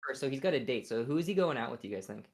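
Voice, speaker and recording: Fast, animated fighting game commentator, rapid speech, swears freely, laid-back voice chat. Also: medium pitch. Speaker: tournament commentator.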